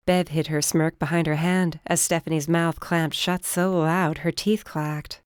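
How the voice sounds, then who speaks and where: A woman reads first-person fantasy narration in a steady, measured way. Her voice sits on the low side and sounds close and dry, with no room sound at all. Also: clear, resonant tone, no room sound. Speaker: audiobook narrator.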